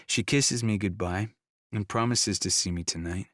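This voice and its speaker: A man with a fairly low voice narrates a first-person romance in an easygoing storytelling way. His close studio mic gives a dry sound with no room. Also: moderate pace, no echo. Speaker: audiobook narrator.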